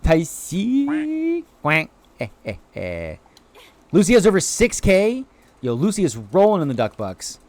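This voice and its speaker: An excitable man streaming a game live, chatting with viewers as he plays. His voice sits a little high and swings widely, leaping up in bursts of excitement. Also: a little slow, dry recording. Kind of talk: live gameplay commentary.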